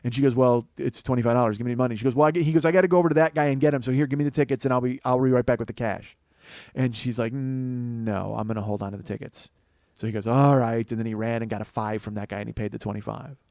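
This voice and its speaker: A man's voice: medium pitch, level tone, fast talker, a little mellow, no room sound. A man, a comedian hosting his own show, telling a long story and acting out the other people's voices. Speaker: comedian host. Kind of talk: storytelling monologue.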